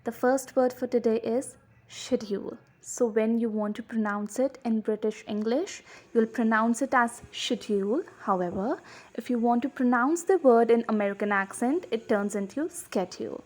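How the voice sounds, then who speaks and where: Woman, English teacher, fairly high voice, clear deliberate delivery, online pronunciation lesson. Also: a little mellow.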